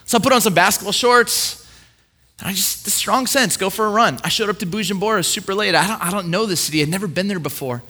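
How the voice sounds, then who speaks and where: A young man preaching a sermon through a lively personal story, acting out the voices of people he quotes and often repeating his words as he goes. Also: high voice, quick pace.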